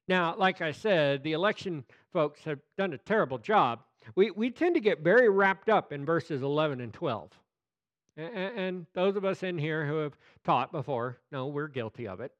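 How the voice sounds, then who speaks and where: A male preacher delivering a sermon. His voice sits a little high and moves with lively swings in pitch. He reads scripture slowly and deliberately and breaks in with playful asides. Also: no echo, highs cut off.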